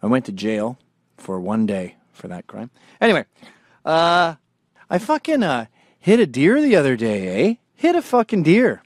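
A man in his forties hosting a show, telling profane comedic stories and jumping between low mumbling asides and sudden loud outbursts. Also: huge pitch swings, a little slow, no echo, clean studio sound. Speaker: show host.

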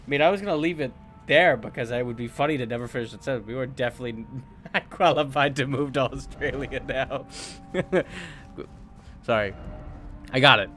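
A young man streaming a video game, commentating loudly as he swears at being lost. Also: medium pitch, brisk, faint music behind. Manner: loud, swearing and frustrated with the game. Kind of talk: live gameplay commentary.

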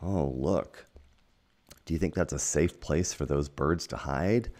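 A man reading a children's picture book aloud at home, gentle and unhurried, pausing to point out the pictures. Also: very deep voice. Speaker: storytime reader. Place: at home with a dog.

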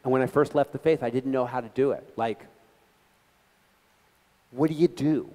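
A middle-aged man giving an animated, conversational talk to a gathering, telling stories with quoted voices and frequent restarts. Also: medium pitch, normal speed, in a large hall. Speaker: guest speaker. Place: meeting hall.

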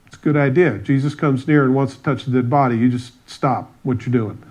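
A man's voice: mid-range voice, moderate pace, few pauses, darkish tone. A man pastor preaching a sermon, retelling scripture stories with wry asides and acted-out dialogue.

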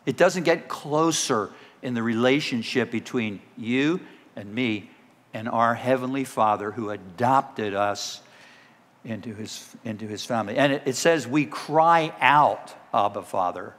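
A man preaching a sermon as the church's pastor, now and then breaking into loud dramatic cries when he acts out a scripture scene. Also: mid-range voice, a little slow. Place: church sanctuary. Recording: long reverb of a church hall.

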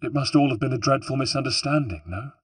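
A man's voice: medium pitch, fast talker, breathy edge, no echo, recorded from a distance, voice pushed up, natural voice. A man voicing a frightened young woman, a grieving sister, pleading and rising to anguished cries. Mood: anxious.

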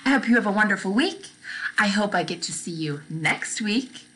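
A young woman teaching a gentle Bible lesson to toddlers, asking questions, repeating them and praising often. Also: mid-range voice, expressive, normal speed, poor audio. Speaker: children's teacher.

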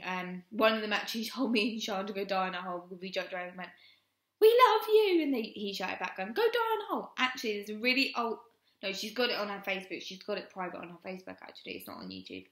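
A woman's voice: medium pitch, quick pace, a bit bright. A young woman, frankly telling a personal story on her vlog and rambling with many "um"s. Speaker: vlogger. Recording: roomy echo.

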